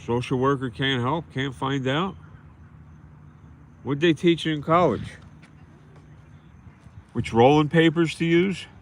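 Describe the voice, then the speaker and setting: A man's voice: a little high, takes it slowly, long pauses, slight background noise. Bitter ranting man on a livestream. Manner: bitter, scornful, repeats himself. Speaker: livestream host.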